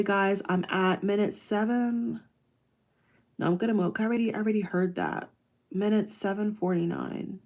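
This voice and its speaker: A woman's voice: fairly low pitch, a little mellow. Chatty woman live-streaming a casual reaction. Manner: chatty and effusive, many fillers, addresses viewers as guys. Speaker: YouTuber doing a live reaction. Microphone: wireless earbuds.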